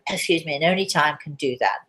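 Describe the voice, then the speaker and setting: A hoarse woman with a cough, hosting a live spiritual Q&A, chatty and reassuring, calling listeners darling. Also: sits low, measured pace, fairly bright tone. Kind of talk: live-stream chat answering viewers.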